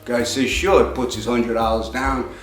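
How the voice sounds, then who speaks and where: With a flat delivery and medium pitch, a man spins jokes in a rambling, chatty way at a moderate pace, lifting his voice to voice the characters. The room sounds spacious, with soft background music.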